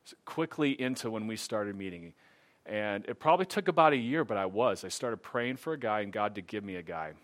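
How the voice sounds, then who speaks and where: A man's voice: on the low side, expressive, brisk, fairly bright tone. A middle-aged man telling a personal faith testimony in a casual, earnest way, livening up when he quotes other people.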